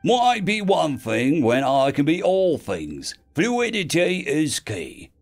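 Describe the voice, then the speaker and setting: A man voicing a sardonic, shape-shifting talking sword that speaks in a slow, joking, flippant way. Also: fairly high pitch, very animated, faint music behind, voice pushed up. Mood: wry. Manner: flippant, joking, drawn-out delivery.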